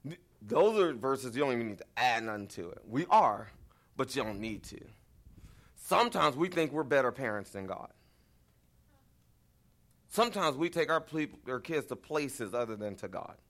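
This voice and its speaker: A man's voice: mid-range voice, sing-song, moderate pace, a bit bright. A man, a pastor preaching in a conversational style and turning to the congregation with folksy, rambling asides. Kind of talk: conversational sermon. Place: church.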